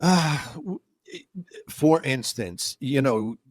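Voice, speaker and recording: A man co-hosting a podcast in casual chat, telling personal stories with lively acted-out dialogue and frequent stammered restarts. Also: medium pitch, slow, no room sound. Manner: animated storyteller who acts out both sides of dialogues. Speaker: podcast co-host.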